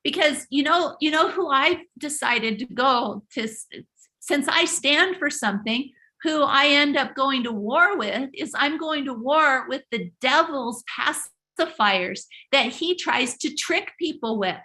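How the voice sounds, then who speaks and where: With a high, expressive voice that is pushed and bright, this live motivational stream host speaks a little slowly. She is emphatic and preachy, frequently restarting and repeating herself.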